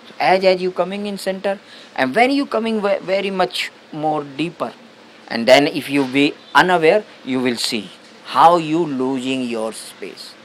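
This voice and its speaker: A male spiritual teacher giving a satsang talk on meditation, speaking unhurried, halting English with many restarts. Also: on the high side, a bit bright, slight background noise, rough recording.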